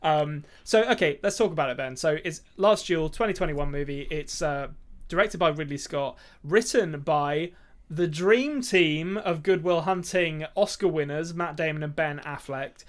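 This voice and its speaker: A man with a fairly high voice co-hosts a film podcast and talks in relaxed, casual chat. He fills gaps with ums and sometimes rattles through a thought in a quick burst. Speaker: podcast co-host.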